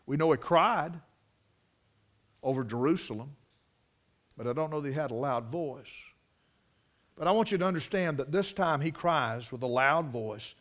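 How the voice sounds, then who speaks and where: A man preaching a sermon, with dramatic swings from hushed asides to loud, ringing declarations. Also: on the high side, animated, normal speed, long pauses.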